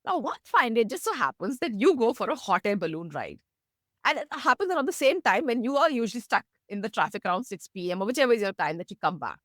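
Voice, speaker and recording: Lively-voiced woman telling teaching stories. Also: fast, no echo, studio quality. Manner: gentle storytelling, lively pitch, laughs softly. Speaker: meditation teacher, guest. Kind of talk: explaining with stories in an interview.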